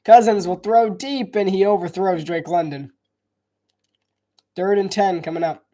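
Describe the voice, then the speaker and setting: With a high-pitched, warm voice and a measured pace, this man calls a football game live. His commentary is casual and chatty, full of hedging, thinking aloud, and restarts.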